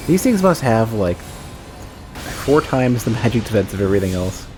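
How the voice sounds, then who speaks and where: Man, low voice, casual gameplay commentary, thinking aloud, faint music behind. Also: very animated, normal speed, a little mellow. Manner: muttering reactions, thinking aloud about game stats. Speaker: streamer.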